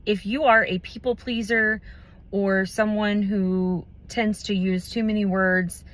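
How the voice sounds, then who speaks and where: A woman giving a motivational talk about communication, thoughtful and unhurried, with pauses and fillers. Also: mid-range voice, steady tone, fairly bright tone. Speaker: business community speaker.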